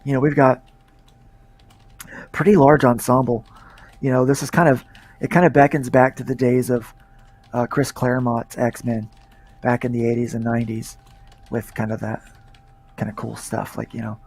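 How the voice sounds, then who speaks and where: A man's voice: mid-range voice, flat delivery, moderate pace, creaky, long pauses, darkish tone, slight background noise. A man, a comic creator and pastor, chatting casually as a guest and rambling with lots of fillers. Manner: laid-back, rambling with many fillers. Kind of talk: casual livestream chat.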